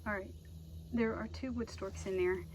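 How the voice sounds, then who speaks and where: A woman vlogging from a kayak on a lake outdoors, whispering in awe into a handheld camera and breaking into excited exclamations. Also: medium pitch, moderate pace, a little hiss or hum. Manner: hushed, awed whispering. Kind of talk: outdoor adventure vlog narration.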